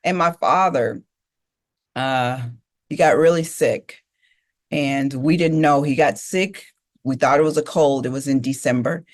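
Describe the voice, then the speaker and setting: A middle-aged woman giving a motivational speech, telling her life story emphatically and speaking straight to the audience. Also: deep voice. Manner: emphatic, repeats key phrases, addresses audience directly.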